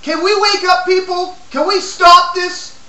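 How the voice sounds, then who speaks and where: A woman giving an impassioned political rant, indignant and repetitive, her voice shaking with anger as it builds to shouting. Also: very high-pitched, fairly even intonation, unhurried, reverberant, low-quality recording. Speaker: political commentator.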